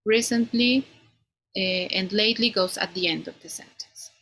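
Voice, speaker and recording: A woman teaching an English grammar class, explaining slowly and ending many points with "no?". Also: mid-range voice, a bit bright, a little hiss or hum, rough recording. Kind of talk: online class lecture.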